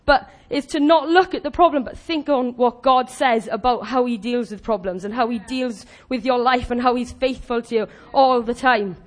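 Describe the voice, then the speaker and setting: A woman preaching a sermon in a chatty, animated way, laughing often and acting out the voices of the people she quotes. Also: a little high, moderate pace, few pauses.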